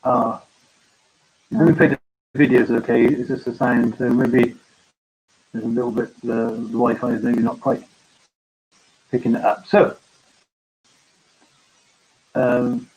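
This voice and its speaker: Man, farmer host, halting casual live-stream chat, somewhat husky, dull lo-fi audio. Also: mid-range voice, completely flat delivery, a little mellow. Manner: halting, full of ums and restarts.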